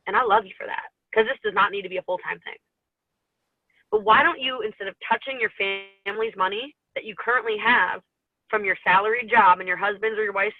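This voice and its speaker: A woman's voice: fairly high pitch, dry recording. Chatty woman team leader, rambling motivational talk, teary and sniffly, tinny phone-like sound, very dry. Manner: chatty, rambling, laughs often. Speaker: network marketing team leader.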